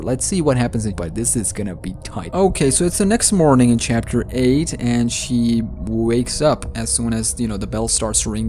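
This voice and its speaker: A man casually recapping a horror book's story for viewers, excitable and slangy, talking straight to his audience. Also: medium pitch, slight background noise. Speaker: YouTuber retelling a game's book story.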